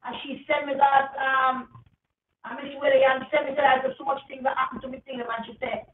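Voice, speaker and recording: A woman's voice: high-pitched, flat delivery, moderate pace, echoey room, distant mic, narrow, tinny audio. A woman with a Jamaican accent talking to her viewers in a rambling, repetitive monologue, leaning hard on "man" as she goes. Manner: rambling, repetitive, emphatic, calls everyone "man". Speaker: vlogger. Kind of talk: casual rambling monologue to camera.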